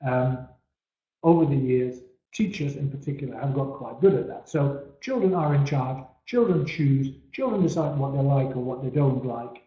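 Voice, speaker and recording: A man giving a webinar presentation, stressing key words and letting phrase ends trail off, often repeating words as he restarts. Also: mid-range voice. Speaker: webinar speaker. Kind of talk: presentation talk. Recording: echoey, dull-sounding room recording.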